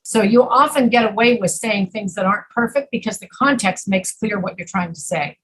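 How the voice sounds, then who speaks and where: A woman's voice: medium pitch, moderate pace, a bit bright, husky, low-quality recording. A woman with an East Coast American accent teaching an online pronunciation class over a video call, patient and explaining with examples.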